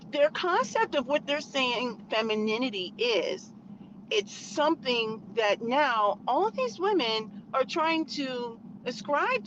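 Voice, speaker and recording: A married woman hosting her own channel, giving outspoken, emphatic commentary in a conversational way while driving. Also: high voice. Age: adult, married. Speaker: channel host. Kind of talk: opinionated commentary vlog. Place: in a car on a back road. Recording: muffled car recording with road noise.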